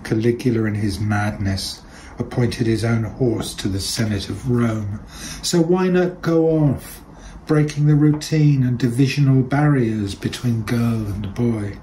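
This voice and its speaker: A man reading literary fiction aloud in a measured, deliberate way. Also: medium pitch, mellow, a little hiss or hum, rough recording. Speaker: reader.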